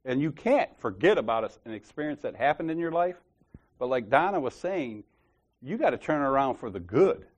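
A man's voice: mid-range voice, animated, brisk. A man leading a church group, talking casually and telling a story in a laughing, slangy way. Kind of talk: casual storytelling and Bible discussion.

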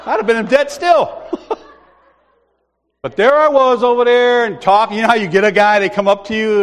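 A man's voice: sits high, fairly bright tone. A man preaching a sermon, telling a comic personal story, acting out other people's voices and laughing often.

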